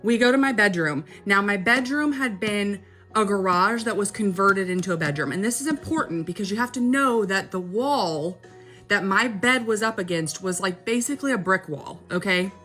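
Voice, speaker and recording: Bright-voiced young woman telling a storytime. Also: mid-range voice, expressive, normal speed, faint music behind. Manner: chatty, keeps checking in with "okay?". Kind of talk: casual storytime.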